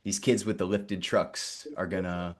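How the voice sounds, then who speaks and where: A young man with a deep, low voice tells a personal story to an audience. He speaks candidly and casually, with easy fillers and restarts. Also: unhurried, a loud crowd. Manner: animated, candid, loose and conversational with fillers. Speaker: nonprofit director giving a talk.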